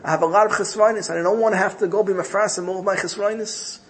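A man's voice: sits high, steady tone, very fast, slight background noise, pitched above the performer's own voice, natural voice. A man voicing an elderly, humble rabbi who pleads and reproaches himself. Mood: distressed, pleading.

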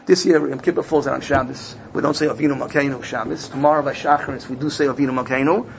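A man giving a sermon, telling a parable in an animated way and voicing its characters. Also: quick pace, vocal fry, a little hiss or hum, low-quality recording. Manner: animated storytelling, voicing characters with big pitch jumps. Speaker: rabbi.

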